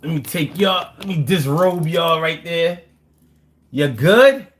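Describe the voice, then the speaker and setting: A man's voice: on the high side, takes it slowly. A man hosting a nightly online show, talking casually and slipping into playful, slangy half-rapped rhymes. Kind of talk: casual live-stream talk with freestyle rhymes.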